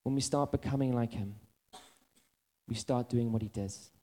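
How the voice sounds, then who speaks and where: A man preaching a sermon, telling funny stories about himself and then easing into soft, earnest appeals. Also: medium pitch, normal speed. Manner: animated storytelling, drifting into soft earnest appeals.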